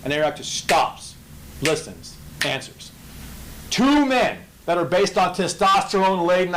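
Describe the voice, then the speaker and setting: A man leading an informal Bible study, emphatic and full of rhetorical questions, swinging from low murmurs to loud bursts. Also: very animated, a little slow, low-quality recording.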